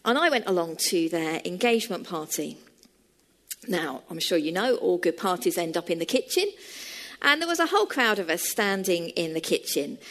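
A woman preaching a sermon and telling a story in a measured, storytelling manner. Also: fairly low pitch, big pitch swings, a bit bright.

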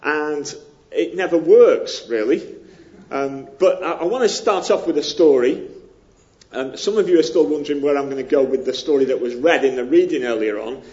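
A chatty, self-deprecating preacher with a northern English accent from near Liverpool. His voice sits fairly high for a man. The church recording sounds dull and lo-fi. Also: expressive, normal speed, darkish tone. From northern England. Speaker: pastor. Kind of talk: sermon.

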